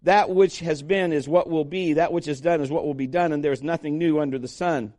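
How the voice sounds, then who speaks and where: A male pastor delivering a conversational sermon, with lively asides to his congregation and read scripture passages. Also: on the high side, brisk, no room sound, clean studio sound.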